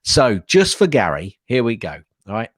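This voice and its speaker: Rambling, animated man co-hosting a podcast. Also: mid-range voice, moderate pace, dry recording, clean studio sound. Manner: rambling, repeats words, laughs often. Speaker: podcast co-host. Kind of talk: casual chat.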